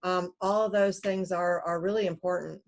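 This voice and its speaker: A woman teaching a recorded computer science lecture in a relaxed, conversational way, with many fillers and quoted asides acting out callers. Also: lowish voice, normal speed.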